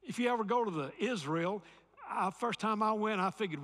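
A man's voice: high voice, expressive, normal speed, fairly bright tone, long reverb tail. A man from Alabama with a Southern American accent, preaching a sermon with emphatic repetition and calls for the congregation to respond. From Alabama, USA. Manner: emphatic preaching, repeats key phrases, calls for audience response. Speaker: pastor.

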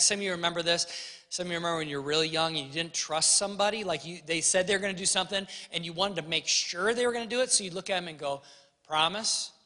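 A bright, high-voiced man in his forties preaches a sermon, telling stories and acting out each person's voice. His voice carries with a long reverb, as in a church auditorium. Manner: animated storyteller acting out voices. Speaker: pastor.

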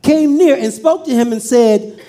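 A woman's voice: fairly high pitch, a little slow, warm tone. A woman pastor preaching a sermon, playfully acting out scripture with humor.

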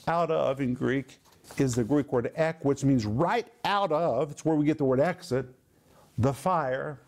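A man preaching a sermon and teaching the meanings of Greek words. He is emphatic, repeats words in lists and draws key phrases out slowly. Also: on the high side, darkish tone. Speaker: Bible teacher.

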